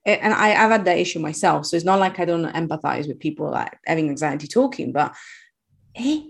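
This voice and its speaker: Casting: Italian-accented woman, slightly low voice, animated podcast co-host. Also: a little fast, vocal fry, husky. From Italy. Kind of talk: casual podcast chat.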